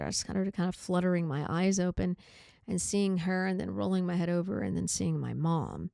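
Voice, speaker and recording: A podcast host telling her own story, candid and halting, with many pauses and fillers. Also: lowish voice, creaky, warm tone, no room sound, clean studio sound. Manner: candid, halting, reflective, says like often. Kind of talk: personal storytelling.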